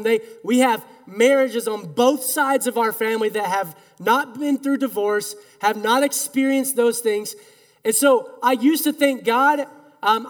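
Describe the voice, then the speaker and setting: A male pastor with an unusually high voice delivers an earnest, emphatic sermon. He leads his congregation in call-and-response. His words ring with the long reverb of a large church hall. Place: church sanctuary.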